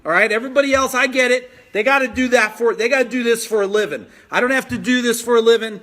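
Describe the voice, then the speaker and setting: Energetic male business coach, very high, sharp voice, pushy and repetitive, live from home. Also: quick pace. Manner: energetic, pushy, repeats phrases for emphasis. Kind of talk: motivational live-stream talk reading viewer comments.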